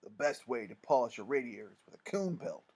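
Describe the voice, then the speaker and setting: A man voicing an irascible, hot-tempered small-town minister who blusters and shouts threats in a storybook reading. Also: medium pitch, animated, brisk, husky, pitched below the performer's own voice. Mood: stern threatening.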